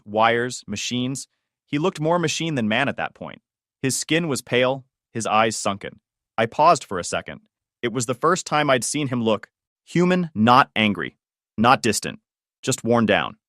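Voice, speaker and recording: A man calmly narrating a first-person story in scripted narration. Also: medium pitch, dry recording, clean studio sound.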